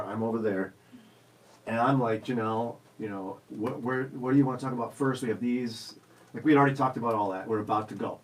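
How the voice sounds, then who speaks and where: A man's voice: on the low side, slight background noise, poor audio. A man co-hosting a radio show in the studio, chatting casually and telling stories in a playful, teasing way.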